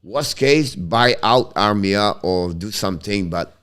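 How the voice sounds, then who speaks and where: A man with a Quebec French accent who hosts a casual live stream about hockey. He answers viewers in a halting way, restarts his sentences often and switches between English and French. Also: on the low side, expressive, fairly bright tone, clear, resonant tone.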